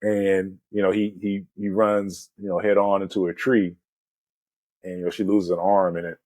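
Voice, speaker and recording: Low-voiced man telling a movie story. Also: moderate pace, no room sound. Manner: animated storyteller, peppers talk with "man" and "you know". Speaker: movie podcast host. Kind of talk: casual movie discussion.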